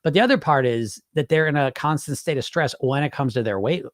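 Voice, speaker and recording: A man's voice: a little high, a little fast, dry recording. Candid man chatting in a dry room. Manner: candid and conversational, swears freely, repeats himself. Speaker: weight-loss hypnosis coach hosting a live Q&A. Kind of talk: casual live chat answering viewer comments.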